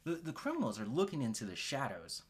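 A man's voice: medium pitch, wildly swooping pitch, fast. A man co-hosting a podcast, casually and animatedly retelling movie scenes, with some swearing. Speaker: podcast co-host. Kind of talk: casual chat.

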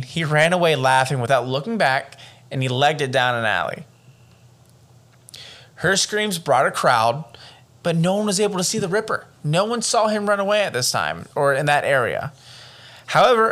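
A man's voice: fairly high pitch, fairly bright tone. A young man co-hosting a podcast, telling a true-crime story casually with profane joking asides. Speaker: podcast co-host.

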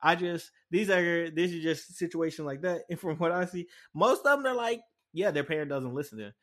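A young man hosts his own casual podcast, speaking briskly in a somewhat high, slightly bright voice. His stories ramble along with plenty of fillers and restarts.

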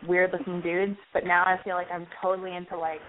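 A woman's voice: lowish voice, flat delivery, fast. A woman hosting a casual advice chat, talking loosely and acting out little scenes. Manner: chatty, acts out scenes with quoted voices. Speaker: advice show host. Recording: tinny phone-like sound with faint noise.

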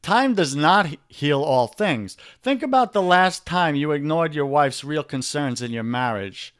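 A man's voice: a little high, animated, a little slow, a bit bright, clear, resonant tone, no echo, clean studio sound. A man with a New York accent, a guest on a podcast interview, coaching listeners in an emphatic, preachy way and calling them brother.

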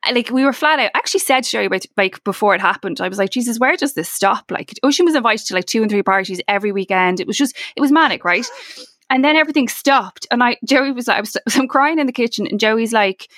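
A woman's voice: fairly high pitch, animated, a bit bright, dry recording, studio quality. An Irish woman in her thirties telling stories in a casual chat, swearing freely and tumbling through her words with lots of "like". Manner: chatty, swears freely, fast storytelling with lots of "like".

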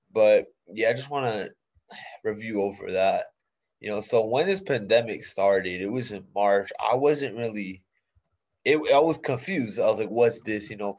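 A young man in his late teens talks on his own podcast in a relaxed, slang-heavy way, packed with fillers. His voice sits a bit low. The recording sounds muffled and lo-fi. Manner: laid-back slangy talk, many fillers. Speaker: podcast host. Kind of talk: casual solo podcast monologue. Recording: dull lo-fi sound.

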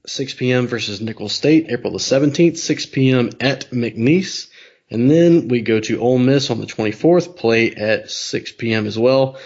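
A man co-hosting a casual sports podcast, running through scores and upcoming games in a relaxed way. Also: mid-range voice. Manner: relaxed, reads scores and schedules. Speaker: podcast co-host. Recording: slightly dull lo-fi sound.

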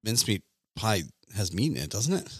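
A man's voice: on the low side, big pitch swings, normal speed, fairly bright tone, breathy edge, dry recording, studio quality. A man chatting casually as a podcast co-host, laughing often and swearing. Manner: laughs a lot, crude, swears. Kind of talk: casual chat.

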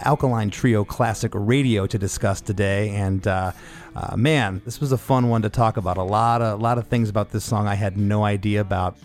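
A fairly low-voiced man hosting a podcast and setting up an episode. He talks loosely, stopping and starting with plenty of fillers, and is warmly enthusiastic about the guest. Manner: loose, many "uh" fillers, warm praise. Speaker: podcast host. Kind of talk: casual spoken intro.

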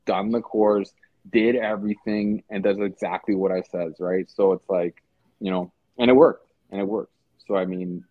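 A man's voice: lowish voice, no echo. A man from South Africa, a podcast guest, talking casually in loose slang with many restarts and fillers. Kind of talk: casual conversation. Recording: tinny phone-like call audio.

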